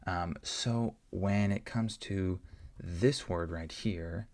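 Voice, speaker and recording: A man's voice: deep voice, slow, darkish tone. A man teaching English pronunciation in an unscripted online lesson, explaining patiently with many fillers and "right?" checks.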